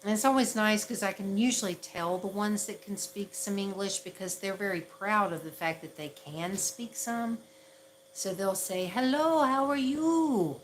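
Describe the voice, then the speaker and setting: A woman's voice: medium pitch, normal speed, a little hiss or hum, rough recording. A woman from the Southern United States with a Southern accent, chatting casually on a livestream and laughing at herself often. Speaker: ASMR livestream host.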